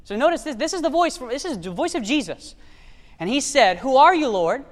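A man's voice: very high-pitched, big pitch swings, a little fast. A man preaching a sermon, emphatic and full of rhetorical questions to the congregation. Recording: long reverb of a large hall.

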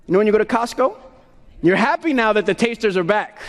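A man from Puerto Rico with a very high voice preaches a sermon, loud and emphatic. He keeps calling out to the congregation for answers. His voice rings through a large hall with a long reverb. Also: expressive, quick pace.

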